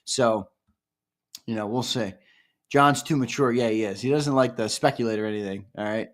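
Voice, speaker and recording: A man hosting a casual live-stream sports fan show, chatting with viewers and breaking into loud, excited hollers. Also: medium pitch, normal speed.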